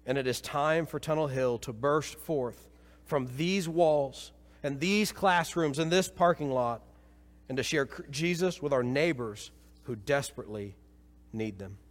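A man preaching a sermon as pastor, swinging from emphatic peaks to quiet low passages. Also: a little slow. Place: church sanctuary. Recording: long reverb of a church hall.

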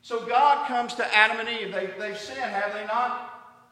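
A middle-aged man delivers an earnest sermon, tossing rhetorical questions at his congregation. His voice sits high and carries a bright, sharp edge. It comes from well off the mic, echoing around a large hall with long reverb. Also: a little slow. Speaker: pastor. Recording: echoey hall from far off.

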